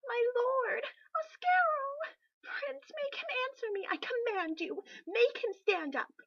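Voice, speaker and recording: A woman reading aloud and voicing a hysterical, self-centered young queen who is shrill and demanding. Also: animated, takes it slowly, muffled recording, heavily acted. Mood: frantic wailing.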